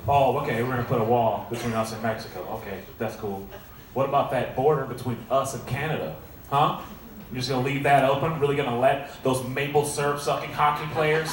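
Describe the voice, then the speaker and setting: A man's voice: mid-range voice, steady tone, brisk. A man in his thirties doing a stand-up set and emceeing in a comedy club, talking in a sarcastic, punchy, conversational way into a stage mic. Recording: echoey club from far off, crowd noise.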